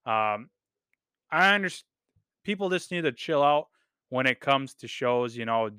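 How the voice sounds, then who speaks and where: Guy podcasting, casual and hyped, cusses a lot, smooth clear voice, dry sound. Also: mid-range voice, animated, measured pace, sharp tone, dry recording. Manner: enthusiastic, profane, with frequent fillers and repeats. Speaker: podcast host reviewing a TV series. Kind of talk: casual unscripted review talk.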